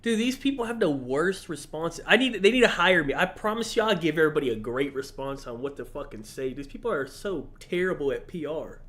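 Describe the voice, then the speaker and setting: A man's voice: fairly high pitch, lively intonation, brisk, hardly any pauses, a bit bright. A man streaming, reacting in casual, blunt, profane commentary, often incredulous.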